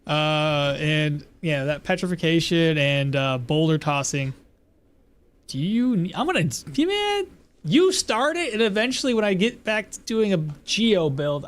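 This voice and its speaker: A man giving casual, rambling gameplay commentary, chatty and quick to laugh, at a home setup. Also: on the high side. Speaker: gaming streamer.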